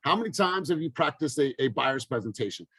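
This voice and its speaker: A man coaching his team in a motivational talk, energetic and emphatic, repeating phrases for effect. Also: medium pitch, brisk, slightly rough, dry recording, poor audio. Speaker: real estate team coach.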